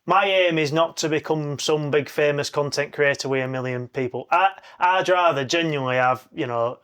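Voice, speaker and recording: Man, slightly high pitch, earnest, casual podcast guest. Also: moderate pace, a bit bright, smooth. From Barnsley, England. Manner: earnest, sincere. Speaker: podcast guest, content creator. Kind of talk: casual chat.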